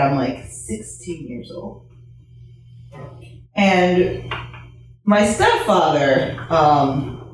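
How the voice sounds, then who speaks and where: A Chicago woman with a low, darkish voice tells a personal story on stage, candid, blunt and profane, breaking into laughing asides. The room is very echoey and she's some distance from the mic.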